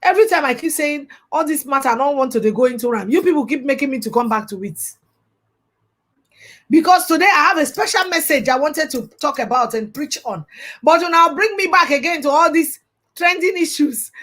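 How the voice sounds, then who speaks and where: Fiery Nigerian woman, high voice. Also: expressive, brisk, fairly bright tone. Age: young adult. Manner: passionate, preachy, mixes in pidgin. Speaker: vlogger. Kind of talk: impassioned commentary monologue.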